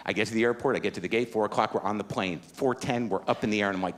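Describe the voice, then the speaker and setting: Anxious, rambling middle-aged stand-up comedian. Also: male voice, lowish voice, lively intonation, quick pace, hardly any pauses, noisy background. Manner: rambling, anxious, emphatic storytelling. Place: comedy stage.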